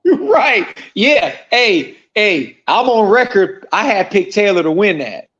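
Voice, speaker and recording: A man with a high voice joins a casual boxing conversation. He is laid-back, mostly agreeing and laughing along. His sound is dull and lo-fi. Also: very animated, slow, a bit bright.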